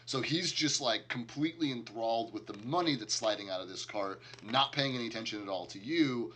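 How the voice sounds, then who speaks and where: A man's voice: mid-range voice, a little fast, fairly bright tone, a little hiss or hum. A man narrating a tabletop game as game master, talking casually with many fillers and chuckles.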